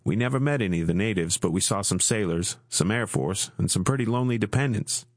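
A fast-talking man with a lowish, expressive voice performs an audiobook character in a clean studio recording without echo. The role is a brash, crude young male soldier in the army, played wry, swaggering, coarse and full of jokes.

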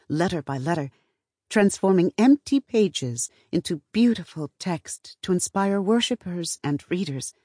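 A woman reading a first-person novel as audiobook narration, in a measured, even storytelling manner. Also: sits low, no room sound, clean studio sound.

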